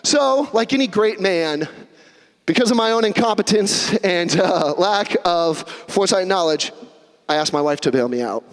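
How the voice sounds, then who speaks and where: A man's voice: sits high, lively intonation, normal speed. A young man preaching a casual, conversational sermon in a church, with joking asides and little acted-out quotes. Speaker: pastor. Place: church sanctuary. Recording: long hall reverb.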